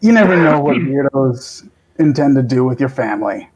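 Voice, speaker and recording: A man's voice: medium pitch, expressive, moderate pace, darkish tone, breathy edge, muffled recording. A man voicing a guarded young man who has been searching for his lost aunt, answering in a curt and defensive way.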